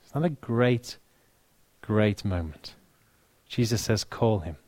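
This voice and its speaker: A man with an English accent preaching a sermon, earnest and warm, dropping to soft, hushed lines for emphasis, with touches of dry humor. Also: on the low side, lively intonation, slow, no room sound. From England. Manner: earnest, softening to near-whisper on key lines, dry humor.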